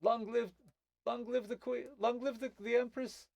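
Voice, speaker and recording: A man's voice: level tone, normal speed, creaky, a little mellow, no room sound. A man voicing a jittery male gnome sentry who groveling apologizes and uses British slang. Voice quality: squeaky high put-on voice.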